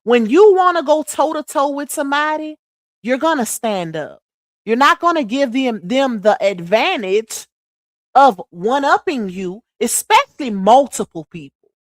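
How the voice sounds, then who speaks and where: Woman on a livestream, slow and emphatic, a little high, dry close sound. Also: animated, no echo. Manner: emphatic, repetitive, addresses chat as y'all. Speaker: livestream commentary host. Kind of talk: casual live-stream commentary.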